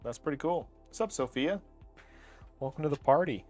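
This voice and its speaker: A man's voice: on the high side, animated, normal speed, darkish tone, faint music behind. A man hosting a casual livestream, joking and laughing often as he talks to chat while working on a craft. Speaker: livestream host.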